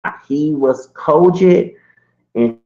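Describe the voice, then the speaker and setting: This streamer, also a man in his forties, has a fairly high, mellow voice and talks slowly. He meanders through a lengthy livestream monologue, repeatedly starting over and fixing what he said. The recording has a dull, lo-fi quality with room echo.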